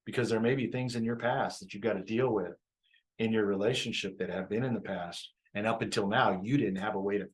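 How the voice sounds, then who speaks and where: A man teaching couples about forgiveness in a relaxed live-stream talk, reflective, often repeating his phrases and laughing easily. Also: on the low side, fairly quick, rough recording. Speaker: relationship coach.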